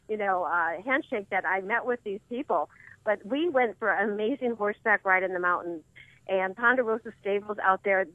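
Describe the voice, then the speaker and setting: A woman's voice: medium pitch, dry recording. An older woman calling in to the show, telling a story in a chatty way and laughing often. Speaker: co-host calling in. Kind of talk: casual phone chat. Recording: tinny phone line.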